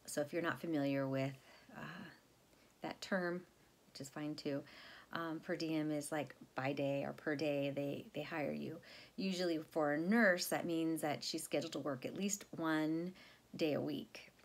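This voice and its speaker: Middle-aged woman vlogger, rambling, self-deprecating, slightly low voice. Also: fairly even intonation, unhurried. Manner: rambling, chatty, laughs often, self-deprecating. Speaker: FlossTube vlogger. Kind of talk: casual chat to camera.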